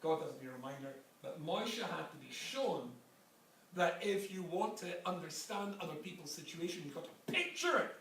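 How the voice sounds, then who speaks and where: A man's voice: a little high, big pitch swings, normal speed, fairly bright tone, far from the mic. Man, English accent, rabbi, storytelling lecture, joking asides, echoey hall, faint background noise. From England. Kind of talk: Torah lecture with anecdotes.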